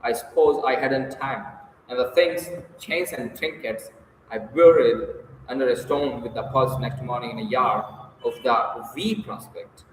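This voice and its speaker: A man's voice: medium pitch, a little slow, lightly acted. Tormented, despairing young man read by a man, intense and bitter, with an echoey distant sound and faint hiss.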